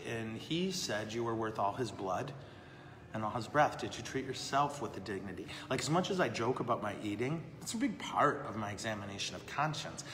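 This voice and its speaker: A man's voice: mid-range voice, fairly bright tone. A man, a priest hosting a live question-and-answer show in a brewery, talking casually and joking about himself, often checking in with "okay?" and "right?". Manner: joking, self-deprecating, asks the room "okay?" and "right?". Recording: long reverb, faint ambient noise.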